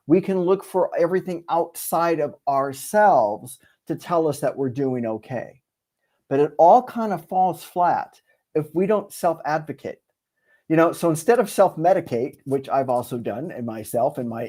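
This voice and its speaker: A man tells a story in a conversational interview, his voice sitting a little high. He brings it to life by acting out the lines of the people in it. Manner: animated storyteller, acts out quoted dialogue. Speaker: guest speaker and author. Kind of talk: conversational storytelling on a video call.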